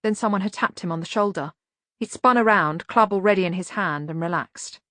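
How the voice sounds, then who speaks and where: A woman reading an audiobook in measured, even narration. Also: on the low side, no echo.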